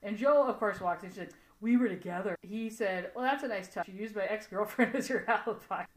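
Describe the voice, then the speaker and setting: A woman's voice: medium pitch, a little fast. A woman co-hosting a podcast, recapping an episode in casual chat, giggling and acting out the characters' lines. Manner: chatty, giggly, acts out characters' lines in quotes. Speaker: podcast co-host. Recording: roomy echo.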